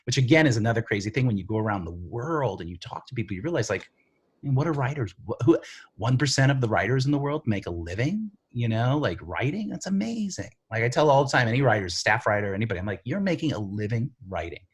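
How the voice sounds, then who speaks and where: Husky middle-aged man telling stories. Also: mid-range voice, fast talker. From the Bronx, New York. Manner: animated, rambling, filler-heavy. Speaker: TV writer and showrunner, guest. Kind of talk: candid interview storytelling.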